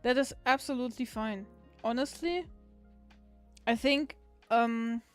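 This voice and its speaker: A woman's voice: on the high side, a little slow, smooth, faint music behind. A woman livestreamer in casual chat with her viewers, giggling often and swearing casually.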